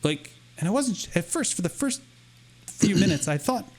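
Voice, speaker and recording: A man co-hosting a podcast spins a rambling anecdote in a relaxed, chatty way. His voice sits a bit high for a man and swoops up and down as he acts out bits of dialogue. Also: moderate pace. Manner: animated, rambling, acts out quoted dialogue with laughs. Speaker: podcast co-host. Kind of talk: casual storytelling chat.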